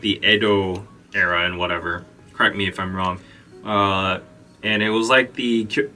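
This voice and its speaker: A man's voice: on the low side, bright, forceful tone, recorded from a distance. A man hosting a live podcast, chatting casually and rambling through travel tips with lots of fillers. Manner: rambling, filler-heavy, reads chat questions. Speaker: podcast host. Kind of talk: casual live-stream chat.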